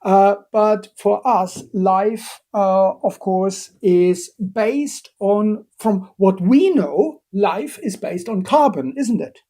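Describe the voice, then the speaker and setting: A man's voice: high voice, animated, slow, few pauses, mellow. A man giving a live-streamed biochemistry lecture, talking hesitantly with many fillers and playful asides while he answers questions from the chat.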